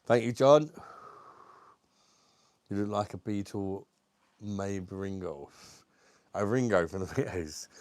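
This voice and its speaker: A man's voice: on the low side, no echo. A British man hosting a casual live beer stream, chatty and greeting viewers by name, swearing casually and with a lingering cough. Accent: British English. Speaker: livestream host reviewing beer.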